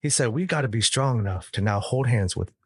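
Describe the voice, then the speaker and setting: A man's voice: mid-range voice, lively intonation, a little fast, slightly rough, no echo, clean studio sound. A man from the United States, a podcast guest telling a story casually, emphatic and profane, acting out the dialogue he quotes.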